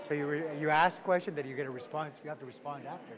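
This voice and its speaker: A man's voice: a little high, very fast. A man teaching a live language class, calling out drills and repeats in a playful way, laughing along with his students. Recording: crowd noise in a live classroom. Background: class chatter and laughter.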